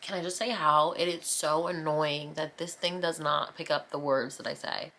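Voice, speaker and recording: Steady in tone and speaking at a normal speed, this New Jersey vlogger in her thirties has a low, pushed, bright voice. She rambles casually to viewers as she paints, self-mocking and playfully dramatic, recorded through a camera mic.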